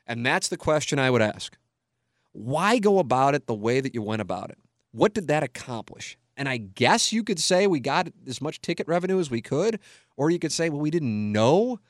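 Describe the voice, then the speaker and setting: A man's voice: medium pitch, sing-song, moderate pace, dry recording, clean studio sound. A middle-aged man hosting a podcast, talking bluntly and emphatically and swearing freely. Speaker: podcast host. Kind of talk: casual opinionated podcast talk.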